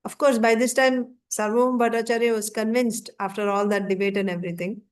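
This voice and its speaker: A woman's voice: on the high side, brisk, smooth. Woman retelling scripture story, conversational. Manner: conversational retelling, many fillers, quotes figures in lively asides. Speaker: scripture class teacher.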